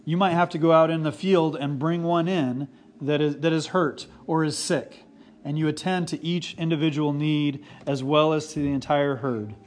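A man's voice: a little high, fairly even intonation, normal speed, slight background noise. Earnest male pastor in his forties. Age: 40s. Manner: earnest, repeats key phrases for emphasis. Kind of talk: sermon.

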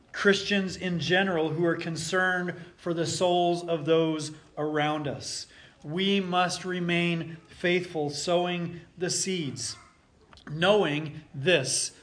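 A man preaching a sermon as pastor, earnest and deliberate, with emphatic phrasing. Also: fairly high pitch, a bit bright.

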